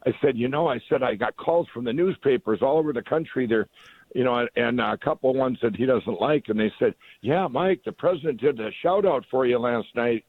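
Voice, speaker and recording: Excitable man on a tinny phone line. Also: medium pitch, a little fast, slightly rough. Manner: rambling, enthusiastic, many restarts. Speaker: guest. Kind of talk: phone-in radio interview.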